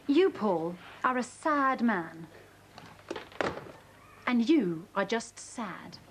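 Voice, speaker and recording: A woman's voice: a little high, expressive, very slow, noisy background. A woman playing a sly, teasing prankster in a TV sitcom. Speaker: prankster cat owner in a sitcom sketch. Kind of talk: TV sitcom acting.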